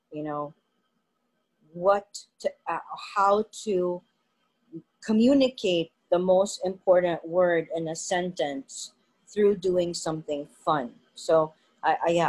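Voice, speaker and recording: A woman teacher on a discussion panel, speaking in a slow, searching way with many restarts and fillers. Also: lowish voice, darkish tone, low-quality recording.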